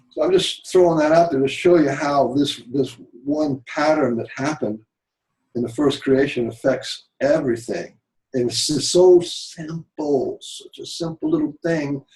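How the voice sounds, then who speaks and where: A man's voice: medium pitch, vocal fry, darkish tone, poor audio. A man giving a rambling spiritual monologue, full of repeated words and restarts, swearing and turning dramatic. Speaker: spiritual talk show guest.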